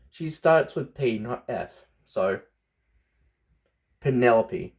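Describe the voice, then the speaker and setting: Rambling young Australian man, slow and lively. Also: medium pitch. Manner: chatty, rambling, talks to his pets. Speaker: pet vlogger. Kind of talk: casual pet vlog.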